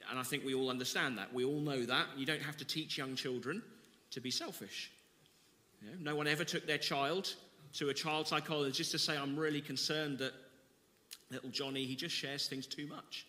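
Bright-voiced male preacher in a reverberant hall. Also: mid-range voice, fairly even intonation, moderate pace. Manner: reads scripture with dramatic emphasis, then explains conversationally. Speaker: pastor. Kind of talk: sermon.

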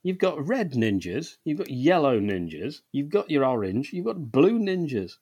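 A middle-aged man co-hosting a podcast, telling stories in a sweary, animated way and laughing often. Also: medium pitch, normal speed, breathy edge, no echo. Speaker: podcast co-host. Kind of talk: casual chat.

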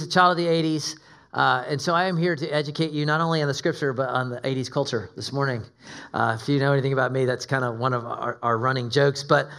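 A man's voice: mid-range voice, a bit bright. A middle-aged man preaching a sermon as a guest pastor, conversational and joking at his own expense. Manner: joking, self-deprecating, conversational.

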